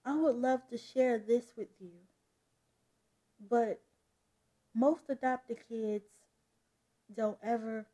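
A woman voicing a gentle adoptive mother who speaks softly and reassuringly in a comic book read-aloud. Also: on the high side, fairly even intonation, slow, pauses often. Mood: soothing. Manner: soft, reassuring.

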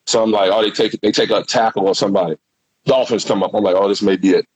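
A middle-aged man, a guest and former football player, telling a rambling, animated story in casual talk and swearing freely. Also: fairly low pitch, quick pace, slightly rough, no room sound, poor audio.

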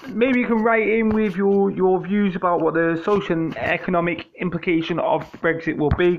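A man's voice: fairly high pitch, dull audio, a little hiss or hum. A British man hosting a casual monologue, answering listener questions in a joking, profane, meandering way with lots of restarts. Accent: British English.

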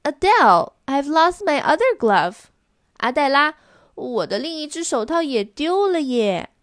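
Woman doing a bright, scolding young girl, high and exclaiming, dry close sound. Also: very animated, unhurried, dry recording, full character voice. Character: excitable young girl, scolding her little brother.

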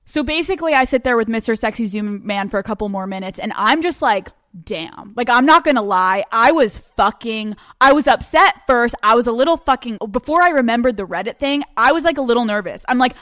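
Profane, animated woman telling a story. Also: a little high, moderate pace, no room sound, studio quality. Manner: animated, profane, laughing often. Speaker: podcast host. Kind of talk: casual storytelling.

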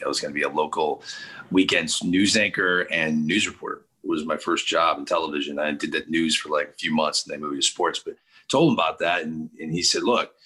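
A man in his forties from St. Louis, a sports TV host telling lively stories in a casual interview and acting out the people he quotes. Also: very deep voice, breathy edge. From St. Louis, USA. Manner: lively storyteller who acts out quoted people.

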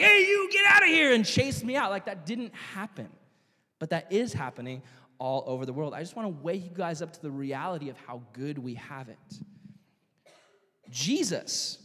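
Young guy youth pastor preaching, fairly high voice, lots of acting out voices, hall echo. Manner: animated storytelling, acting out quoted voices. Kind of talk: youth sermon. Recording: long reverb of a church hall.

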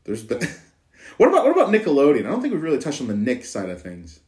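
A man's voice: medium pitch, wildly swooping pitch, fast talker, a little mellow. Playful young man in an echoey room. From Idaho. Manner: playful, teasing, jumps into silly voices. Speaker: podcast co-host. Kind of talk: casual chat.

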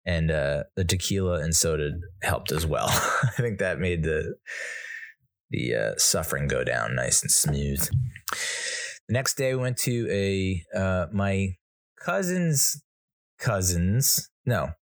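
A man's voice: sits low, sing-song, slow, creaky. A middle-aged man hosting a podcast, telling a rambling, self-correcting funny story and chuckling at his own jokes. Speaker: podcast host. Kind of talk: casual storytelling monologue.

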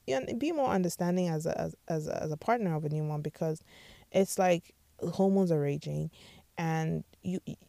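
A woman's voice: lowish voice, vocal fry, warm tone, dry recording, studio quality. A woman hosting a podcast, giving casual advice in a chatty way and often checking in with "all right?". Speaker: podcast host.

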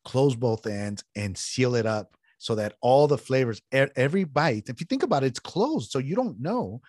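A middle-aged man from California chatting casually as a podcast host, telling stories with big swings in pitch and cursing when annoyed. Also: moderate pace, no room sound, studio quality. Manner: animated storyteller, swears freely, jumps in pitch when riled up. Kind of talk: casual chat.

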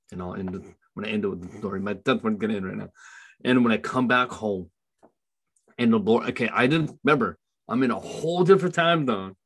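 A man with a slightly low voice recounts a personal faith story on a podcast. His delivery is casual and meandering, and he turns animated when he acts out what others said. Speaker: podcast guest sharing testimony. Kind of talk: casual spoken testimony.

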